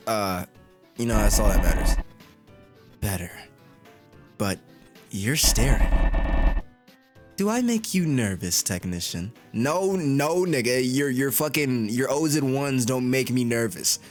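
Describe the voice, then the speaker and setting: A man in his own casual voice, commenting on a game as he plays it. He jokes, rambles and swears freely, and his voice stays at an average pitch for a man. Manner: joking, profane, rambling. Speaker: gaming content creator.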